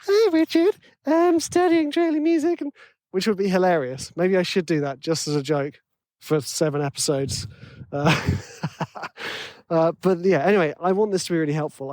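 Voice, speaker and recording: An excitable man with a tenor voice talks straight into a podcast mic, rambling and poking fun at himself. His voice sits fairly high for a man, and the sound is close and dry with no room around it. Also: no room sound. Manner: excitable, rambling, self-deprecating, chatty with restarts. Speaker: podcast host and composition coach. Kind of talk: casual solo podcast monologue.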